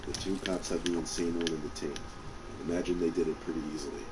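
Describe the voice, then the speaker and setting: A man narrating a scary story in a slow, measured, deadpan way. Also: sits low. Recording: steady background noise.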